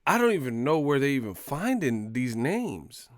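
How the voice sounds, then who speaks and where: A man's voice: medium pitch, sing-song, moderate pace, dry recording, clean studio sound. A man hosting a live stream, ranting in casual, slangy, profane commentary. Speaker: boxing live stream host.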